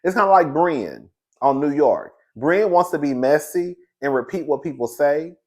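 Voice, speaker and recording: Sassy animated man recapping reality TV. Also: a little high, normal speed. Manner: sassy, animated, laughs often, acts out quotes. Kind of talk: casual solo review chat.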